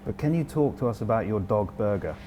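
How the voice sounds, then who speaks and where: A man's voice: on the low side, animated, fast talker, dark tone, slight background noise. A man interviewing a guest, asking playful, teasing questions. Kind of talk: casual interview chat.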